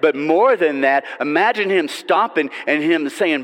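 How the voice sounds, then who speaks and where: Man, preacher, sermon, animated storytelling, repeats phrases, fairly high voice, echoing church hall. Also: moderate pace, few pauses.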